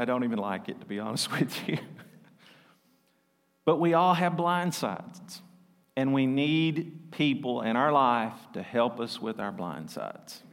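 A man pastor preaching a sermon, lively and laughing often as he mimics voices. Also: medium pitch, vocal fry. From South Arkansas. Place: church sanctuary. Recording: long reverb of a church hall.

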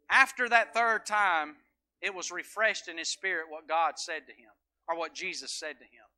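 A man with a Southern American accent preaching a sermon, moving from hushed storytelling to shouted preaching and calling on people in the congregation by name. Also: a little high, animated, normal speed. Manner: calls on congregation members by name. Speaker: pastor. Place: church sanctuary.

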